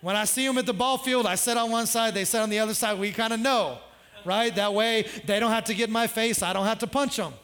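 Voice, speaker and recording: A man's voice: sits high, quick pace, a bit bright, big-room sound. A man pastor preaching a sermon in a conversational way, with joking asides.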